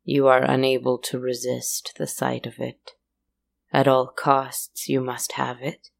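A woman voicing a greedy pirate captain who speaks in a soft, awed, measured way. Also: a bass voice, completely flat delivery, vocal fry, heavily acted. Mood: awed, wondering.

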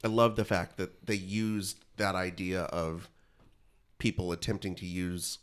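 A man's voice: low-pitched, fairly even intonation, a little slow, fairly bright tone, clear, resonant tone. A man in casual chat, telling wry anecdotes in a storytelling manner.

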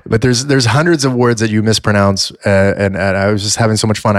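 A man's voice: on the low side, no room sound, clean studio sound. A man co-hosting a podcast in casual chat, playful and drawing out words to tease. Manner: playful, deliberately drawn-out pronunciations. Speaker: podcast co-host.

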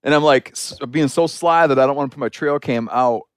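A man hosting a podcast, telling an anecdote in a chatty, animated way full of "like" fillers. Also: mid-range voice, brisk, clear, resonant tone, no echo, clean studio sound. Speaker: podcast host. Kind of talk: casual storytelling conversation.

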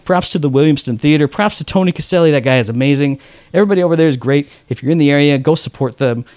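A man's voice: a little high, fast talker, darkish tone, dry recording. A man chatting casually as a podcast host, enthusiastic and full of "like", acting out the dialogue in his stories. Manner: enthusiastic, heavy use of "like". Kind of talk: casual chat.

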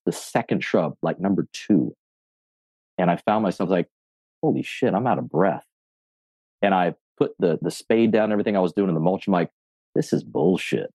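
A fortyish fitness coach who owns a gym recounts his story on a podcast interview, his low voice recorded without echo. Lively and casually profane, he acts out the quotes of people in the story.

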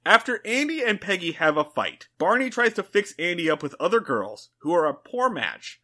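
A man's voice: sits high, big pitch swings, normal speed, pushed and bright. A man co-hosting a podcast in laid-back, profane casual chat, with plenty of fillers. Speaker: podcast co-host.

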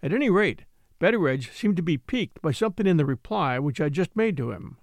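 A man narrating a classic novel in the first person, measured and earnest. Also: fairly high pitch, big pitch swings, dry recording, clean studio sound. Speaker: audiobook narrator.

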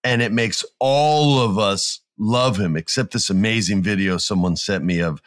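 A man co-hosting a casual talk show, telling stories with lively acted-out quotes. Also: lowish voice, normal speed, no room sound, studio quality. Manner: animated storyteller, acts out quotes in jumpy voices. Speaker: podcast co-host. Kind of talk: casual chat.

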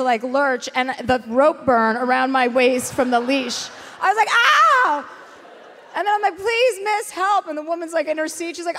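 A woman with a high, bright-pitched voice tells a rambling comic anecdote in a conversation. She's animated and profane, laughing as she goes. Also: a little hiss or hum. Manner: animated, profane, laughs through her story. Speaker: interview guest.

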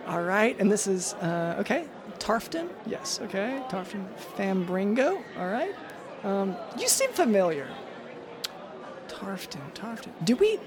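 A man's voice: high-pitched, big pitch swings, a little slow, crowd noise. A man performing an improvised comedy scene, hesitant and stammering with lots of awkward fillers.

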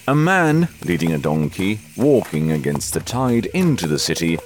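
A man narrating a martial arts novel as an audiobook in an expressive storytelling manner. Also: sits low.

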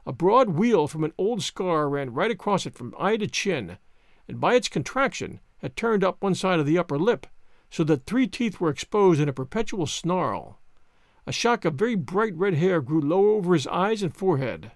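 A man narrating a story in an expressive, animated reading style. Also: sits high, normal speed, no room sound, studio quality. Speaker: audiobook narrator.

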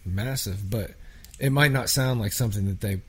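A man from small-town Pennsylvania talks through his songwriting stories in a casual interview. His voice is a bit low and husky. He rambles, full of "like" and restarts, and grows animated when he gets into a tale. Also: normal speed. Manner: rambling, filler-heavy, animated anecdotes. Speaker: songwriter guest.

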